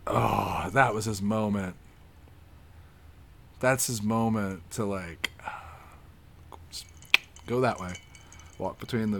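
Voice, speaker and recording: A young man giving casual, crude reaction commentary on videos, excitable and swearing, with laughing outbursts. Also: mid-range voice, slow, gravelly, long pauses, noisy background.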